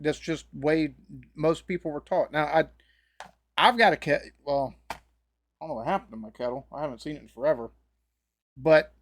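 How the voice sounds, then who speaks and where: A man's voice: on the high side, no echo. American guy doing a reaction vid, folksy and rambly, laughs a lot, dry close sound. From United States. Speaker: reaction video host. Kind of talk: casual reaction commentary.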